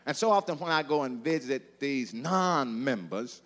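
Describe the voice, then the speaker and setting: A pastor delivering a sermon, calling out questions to the congregation and repeating phrases in a rhythmic preaching style. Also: male voice, mid-range voice, lively intonation, moderate pace, fairly bright tone, in a large hall. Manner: call-and-response preaching with rhythmic repetition.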